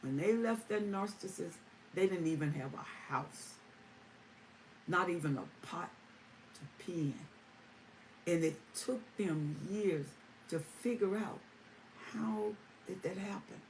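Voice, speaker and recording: Her voice on the low side and a little mellow, a woman hosting a live stream speaks slowly with long pauses as she answers viewer comments. She repeats phrases for emphasis, and the distant mic catches faint ambient noise.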